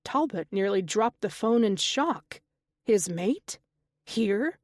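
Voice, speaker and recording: A woman narrating a fantasy romance audiobook in a steady, measured reading style. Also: medium pitch, no room sound, clean studio sound. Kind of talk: scripted narration.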